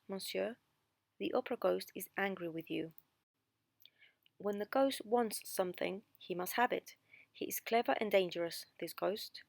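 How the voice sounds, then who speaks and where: A woman's voice: medium pitch, vocal fry, no echo. A woman voicing a fearless, mocking old female doorkeeper in a storybook reading. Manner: mocking, knowing.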